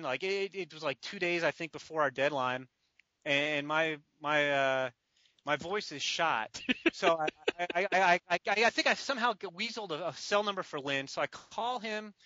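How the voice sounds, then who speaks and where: A man casually telling a lively baseball story on a podcast, laughing often and playing out the phone calls. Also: high-pitched, dry recording, lo-fi sound. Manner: animated storyteller, laughs often, does croaky voices. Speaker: baseball draft writer.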